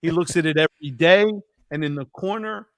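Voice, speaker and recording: A man hosting a podcast, telling a story in an animated way and acting out the people he quotes. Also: on the high side, brisk, dry recording. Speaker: podcast host. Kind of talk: casual storytelling chat.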